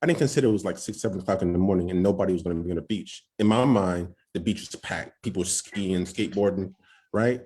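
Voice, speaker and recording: Young man, low husky voice, guest telling a tense story, nervous and animated, quotes other people's voices. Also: fast talker. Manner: excited, acts out quoted voices, frequent "right?". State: nervous, shaking. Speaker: podcast guest. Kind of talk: storytelling testimony.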